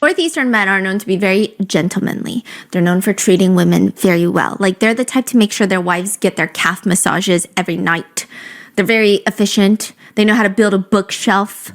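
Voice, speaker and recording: Animated woman telling a comedic story. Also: mid-range voice, brisk. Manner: animated, expressive, jokey. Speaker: storyteller in a played clip.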